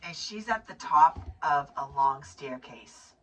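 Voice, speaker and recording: A woman's voice: low-pitched, slow. A middle-aged woman in casual chat, rambling through a movie story and acting out the characters' lines. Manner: rambling, animated storytelling with acted-out quotes. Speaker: co-host recapping a movie. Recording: distant mic with hiss.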